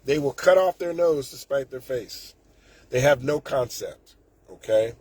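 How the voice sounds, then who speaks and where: A man's voice: medium pitch, lively intonation, unhurried, a little mellow, husky, dry recording. A man, ranting indignantly and sarcastically as a political commentator, with frequent restarts. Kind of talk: casual political rant.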